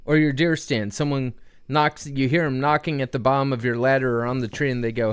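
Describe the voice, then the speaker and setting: A man's voice: mid-range voice, fairly even intonation, brisk, clear, resonant tone. A man hosting a casual livestream, rambling and talking straight to viewers in the chat with questions. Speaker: livestream host.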